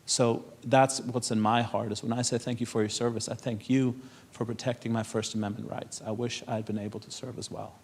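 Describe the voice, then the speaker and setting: A man from Europe speaking on a symposium panel. He tells stories in a lively way, acts out the people he quotes and turns earnest and persuasive. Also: medium pitch, fairly quick, hardly any pauses, breathy edge. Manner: animated storyteller who acts out quoted exchanges. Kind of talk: storytelling talk at a symposium panel.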